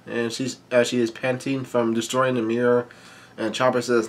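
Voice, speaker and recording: A man's voice: mid-range voice, fairly even intonation, normal speed. A man hosting a manga read-along, reading lines aloud and rambling through his commentary with many fillers and restarts. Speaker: manga reading channel host.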